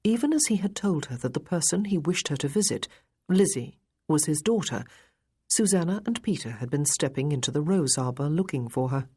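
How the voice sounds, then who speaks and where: Low husky female audiobook narrator. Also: expressive, fairly quick, dark tone. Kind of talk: scripted narration of a romance novel.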